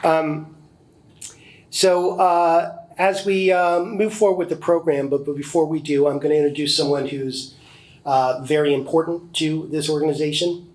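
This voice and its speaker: A man's voice: on the high side, fairly even intonation, moderate pace, a little mellow, a faint crowd, a little hiss or hum, low-quality recording. A man emceeing an indoor gala, ad-libbing with many fillers as he introduces guests and speakers. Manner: hesitant, many fillers, loosely ad-libbed. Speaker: former board chair acting as emcee. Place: large indoor banquet hall.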